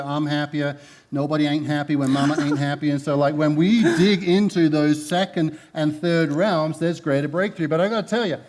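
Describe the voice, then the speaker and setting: A middle-aged man preaches from a church stage, with a voice that sits a little high for a man. He tells stories with energy and acts out the lines of the people in them. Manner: animated storytelling, acts out quoted lines. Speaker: pastor. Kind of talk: sermon.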